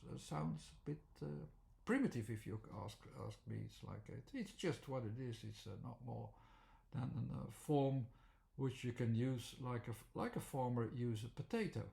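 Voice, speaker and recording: A man explaining a method, speaking haltingly with many pauses and restarts. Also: medium pitch, gravelly, mellow. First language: Dutch. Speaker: teacher. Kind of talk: unscripted explanatory talk.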